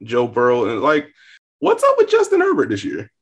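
A man's voice: mid-range voice, wildly swooping pitch, normal speed, husky. A young man co-hosting a podcast, talking casually with lots of hedging and amused asides. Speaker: podcast co-host. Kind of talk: casual chat.

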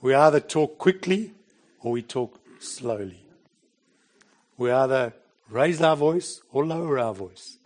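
A man's voice: mid-range voice, animated, takes it slowly, long pauses, darkish tone. A middle-aged man preaching a sermon in a plain, conversational way, with bursts of emphasis. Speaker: pastor.

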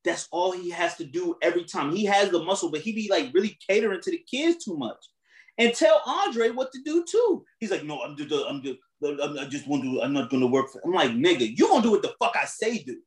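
A man's voice: high voice, a little fast, echoey room. A young man co-hosting a podcast, telling stories in casual, profane chat with bursts of laughter. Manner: animated, profane, laughing storyteller. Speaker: podcast co-host.

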